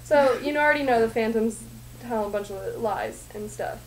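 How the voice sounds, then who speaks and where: High-voiced sarcastic young woman ranting. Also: brisk, low-quality recording. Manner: sarcastic, laughing, rambling. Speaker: storyteller among roommates. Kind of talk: casual sarcastic plot recap. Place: home at night.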